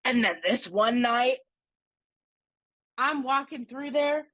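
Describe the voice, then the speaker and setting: A woman co-hosting a podcast, gushing and excitable as she tells stories in casual chat. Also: a little high, slow pace, dry recording. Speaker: podcast co-host.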